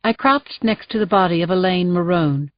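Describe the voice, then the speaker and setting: A woman reading a first-person thriller audiobook in a tense, measured way. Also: lowish voice, no echo. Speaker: audiobook narrator. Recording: dull, dry studio sound.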